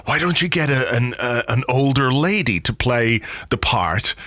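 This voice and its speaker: A man's voice: medium pitch, very animated, normal speed, sharp tone, no echo, clean studio sound. A man hosting a podcast in casual chat, rambling through anecdotes and slipping into silly impressions. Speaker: podcast host.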